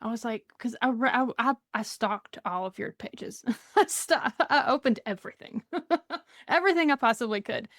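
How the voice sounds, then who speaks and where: A woman's voice: on the high side, normal speed, no echo, studio quality. A woman with a Southern US accent, a podcast guest chatting casually, rambling and laughing often. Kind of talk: casual conversation.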